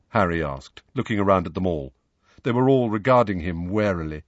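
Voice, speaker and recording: Husky, lowish male audiobook narrator; lively inflection, dry studio recording. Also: no echo, muffled recording. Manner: measured storytelling, lively inflection. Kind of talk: scripted narration.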